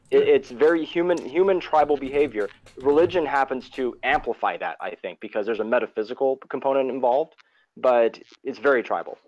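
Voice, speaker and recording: A man's voice: mid-range voice, darkish tone, muffled recording. A man co-hosting a casual live discussion, explaining his points with many restarts over an online call.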